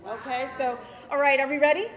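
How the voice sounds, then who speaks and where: A woman hosting a talk show, telling animated stories straight to a live studio audience. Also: high voice, a little fast. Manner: animated, chatty, addresses the audience. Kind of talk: storytelling monologue to a studio audience. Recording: echoey studio with audience noise.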